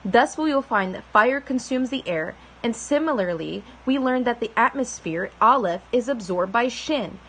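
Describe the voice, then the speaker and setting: Soft-spoken woman reading slowly. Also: on the high side, animated, breathy edge, poor audio. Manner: soft, slow and deliberate, drawing out key words. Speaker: reader of a spiritual text. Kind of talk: reading a religious book aloud.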